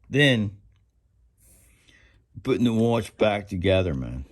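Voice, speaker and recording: A man hosting a casual workbench vlog, rambling and laughing, breaking into sudden high whoops. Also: expressive, unhurried, pauses often. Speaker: channel host. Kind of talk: casual tool-bench vlog.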